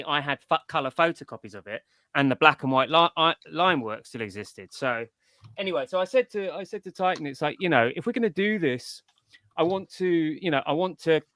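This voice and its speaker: A middle-aged man speaking as a guest in a relaxed interview, his voice pitched a little high with a bright, forceful edge. He talks in long, digressive stretches. The sound is dry and close. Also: dry recording. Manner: rambling, digressive storytelling. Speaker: comics writer, interview guest. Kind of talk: casual interview chat.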